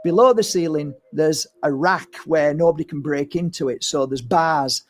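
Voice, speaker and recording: A middle-aged man, an energy healer talking to his audience in a casual, animated monologue, sometimes swearing and acting out what people said. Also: on the high side, normal speed, slight background noise. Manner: animated storytelling, swears, acts out voices. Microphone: streaming setup.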